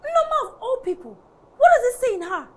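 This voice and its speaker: A woman's voice: high-pitched, big pitch swings, normal speed. An actress playing a jealous, petulant young daughter with a Nigerian accent, complaining to her mother. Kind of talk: Nollywood film acting.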